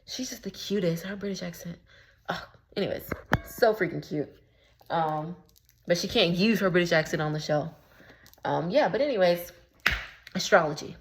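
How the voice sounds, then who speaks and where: A woman spiritual coach talking casually in a vlog, slangy and rambling, with lots of filler words and amused at her own jokes. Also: fairly low pitch. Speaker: spiritual coach and womb healer. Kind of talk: casual motivational vlog talk.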